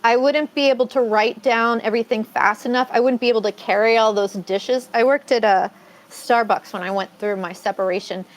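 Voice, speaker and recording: A woman hosting a casual live-stream talk, with a voice pitched a little higher than most. She tells stories in a rambling way and often corrects herself mid-sentence. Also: steady tone, brisk. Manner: rambling, self-correcting storyteller. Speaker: host.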